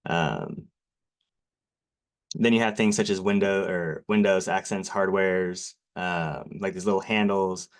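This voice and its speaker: A man with a strikingly low voice gives a sales presentation on local TV. He talks nervously and apologetically, and fillers crowd his sentences. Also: steady tone, slow. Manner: nervous, self-deprecating, many fillers. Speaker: garage door company presenter.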